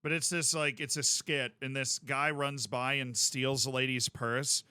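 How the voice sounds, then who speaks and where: A man streaming a game, chatting casually in a rambling, jokey way with sudden loud outbursts. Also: medium pitch, fairly even intonation, measured pace, clean tone, dry recording.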